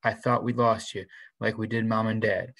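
A man voicing a tough young man who is holding back tears, in a storybook reading with a husky, choked delivery. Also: fairly low pitch, little pitch movement, normal speed, fairly bright tone. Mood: tearful.

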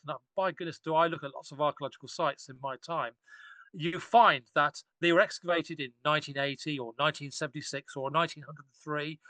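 Bright-voiced man, eager archaeologist. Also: on the high side, no room sound. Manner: enthusiastic, rambling with frequent restarts. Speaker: archaeologist guest. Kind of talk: casual podcast discussion.

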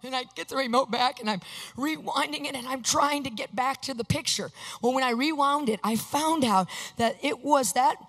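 Female preacher, animated storyteller, slightly high voice, big reverberant hall. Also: moderate pace. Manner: animated, acts out her own reactions. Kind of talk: sermon telling a personal story.

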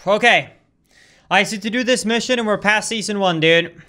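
A man's voice: high voice, quick pace. A young man streaming a speedrun who exclaims often and keeps saying "dude", with faint game music behind him. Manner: excitable, exclaims often, says "dude" a lot. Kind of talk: live gameplay commentary.

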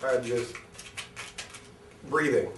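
Slow playful man, far from mic. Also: mid-range voice, a bit bright. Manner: playful, good-humored. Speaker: taste tester. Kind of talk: casual chat. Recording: roomy audio, mic at a distance, faint noise.

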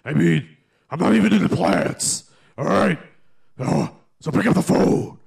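A man voicing a jealous, hotheaded male caped crusader who leaves ranting, swearing voicemails in a very gravelly growl. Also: fairly high pitch, expressive, unhurried, darkish tone, heavily acted. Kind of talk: comedy voicemail sketch.

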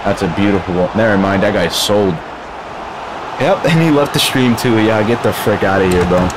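A man's voice: lowish voice, lively intonation, moderate pace, background noise. A man streaming a game live, grumbling in casual slang and calling his listeners bro.

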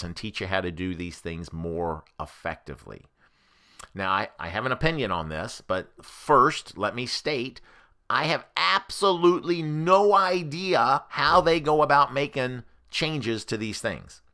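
A man's voice: medium pitch, measured pace. A man, a therapist, giving a conversational educational talk that compares treatment methods. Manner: animated, conversational explainer.

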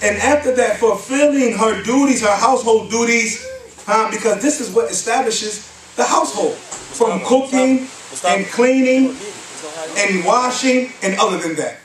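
In an echoey mosque hall, captured by a distant mic with faint hiss, a man lectures on religion at normal speed in a high, slightly bright voice. He quotes Arabic verses and asks his audience rhetorical questions such as "huh?" and "what?".

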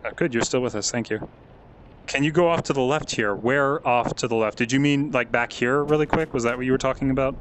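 A man's voice: medium pitch, brisk, a little hiss or hum. A man commentating a live game stream, chatty and easily amazed, reading out and thanking viewers.

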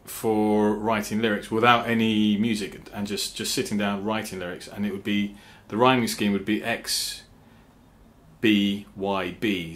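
Speaking casually to camera, a songwriter who hosts his own channel talks his viewers through songwriting. His lowish, slightly bright voice halts with fillers and restarts, and he sometimes hums rhythm syllables to explain meter.

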